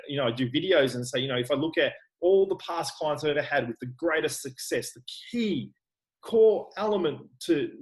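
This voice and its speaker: A man's voice: fairly high pitch, poor audio. An Australian man, a personal trainer, talking frankly and earnestly in a casual interview, often restarting his sentences. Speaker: online personal trainer, guest.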